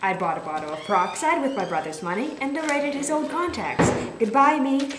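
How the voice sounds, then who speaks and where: A woman's voice: medium pitch, sing-song, a little fast. A woman in a writing group reading her own story aloud, playful and laughing at dramatic lines. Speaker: creative writing group member. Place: room with a small group. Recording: echoey room, faint noise.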